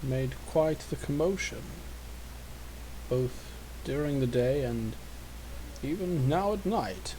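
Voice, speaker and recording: Man doing a slow old wanderer, formal old-fashioned speech, courteous, mellow tone. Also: medium pitch, slight background noise, lightly acted, rough recording.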